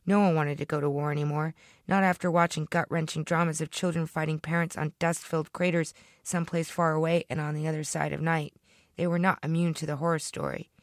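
A woman's voice: low-pitched, little pitch movement, fairly quick, no echo, studio quality. Woman reading her own story aloud.

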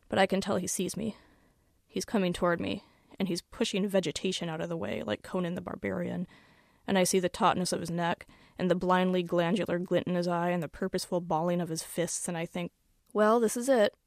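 A woman author reading her own first-person story aloud in a wry, measured storytelling manner. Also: lowish voice, no echo, clean studio sound.

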